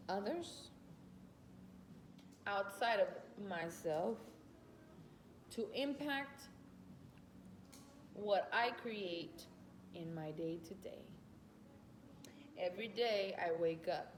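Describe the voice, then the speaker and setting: A woman's voice: mid-range voice, darkish tone, a little hiss or hum. A woman chatting casually about self-growth, retelling classroom exchanges and calling listeners honey. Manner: retells classroom exchanges and talks to her dog; calls listeners honey and baby. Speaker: vlogger. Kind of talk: casual self-help talk. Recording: echoey room.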